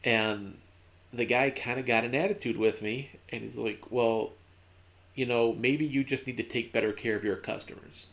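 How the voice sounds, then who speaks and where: A man's voice: mid-range voice, steady tone, normal speed, gravelly, a bit bright. A man streaming a video game, rambling through a casual anecdote with lots of fillers. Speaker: gaming streamer. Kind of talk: casual storytelling while playing.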